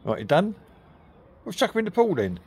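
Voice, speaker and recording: A man with a high, slightly rough, darkish voice and huge pitch swings talks fairly quickly to his dogs. He films them in a garden on a handheld camera, chatty and laughing as he teases and cheers them on.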